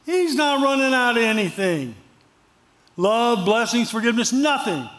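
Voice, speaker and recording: A man's voice: very high voice, sing-song, normal speed, a bit bright. A male pastor preaching a sermon in a conversational, storytelling way, repeating phrases for emphasis.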